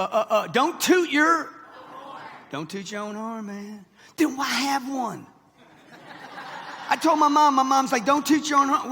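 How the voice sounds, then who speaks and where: A man in his sixties, a motivational speaker, pushes a live audience with "okay?" and "right?" during a punchy seminar talk. His voice is very high-pitched and sharp, and the large event hall is reverberant.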